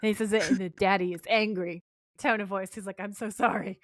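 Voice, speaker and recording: A woman co-hosting a podcast, chatting casually as she recaps a TV episode and acts out the characters' lines with lively voices. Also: medium pitch, quick pace, no room sound, clean studio sound. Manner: animated, acts out quoted lines. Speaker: podcast co-host.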